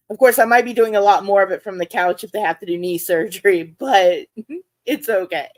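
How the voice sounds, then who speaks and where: A woman, hosting her aquarium vlog and chatting casually, laughing often and jumping into high-pitched reenactments of her own reactions. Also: moderate pace, long pauses. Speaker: aquarium channel host. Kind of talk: casual chat to livestream viewers.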